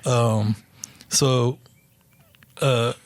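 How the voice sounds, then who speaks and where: A man's voice: medium pitch, drawn-out words, dry recording. A middle-aged man from Kansas City, a police officer telling stories in a casual podcast chat, acting out quotes and peppering his talk with "man" and "bro". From Kansas City, USA. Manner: animated storyteller, acts out quotes, says "man" and "bro" a lot.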